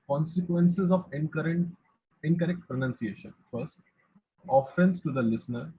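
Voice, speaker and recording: A man student reading a prepared presentation aloud in measured, list-like steps. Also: a little high, husky. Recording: tinny phone-like line.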